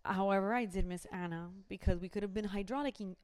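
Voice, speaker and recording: A woman's voice: medium pitch, quick pace, darkish tone. A young woman, chatting animatedly and dropping in Spanish phrases. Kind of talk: casual chat.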